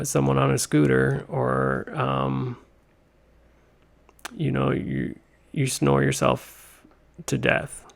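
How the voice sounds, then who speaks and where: A man hosting a comedy podcast, talking in a meandering, deadpan monologue full of tangents. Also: mid-range voice, vocal fry. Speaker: podcast host.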